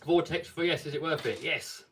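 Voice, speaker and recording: A man hosts a casual live stream and reads viewer comments aloud as he chats. His voice sits a little high and comes from some distance away from the microphone. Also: moderate pace, heavy background noise.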